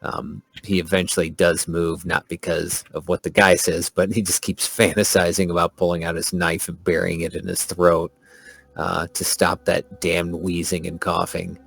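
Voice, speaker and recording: A man's voice: low-pitched, flat delivery, moderate pace, creaky, breathy edge. A man playing a tabletop game, talking crudely and swearing freely. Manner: crude and profane. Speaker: player. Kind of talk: casual tabletop game play.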